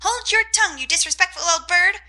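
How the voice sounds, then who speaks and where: A woman doing a shrill screeching parrot. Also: a little fast, bright, forceful tone, full character voice. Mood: squawking. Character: rude squawking male pet parrot.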